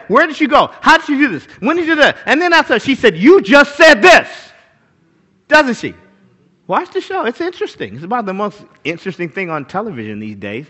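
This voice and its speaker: A man preaching a sermon, animated, asking the crowd rhetorical questions and acting out the quotes he reads. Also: high-pitched, dull audio. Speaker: pastor.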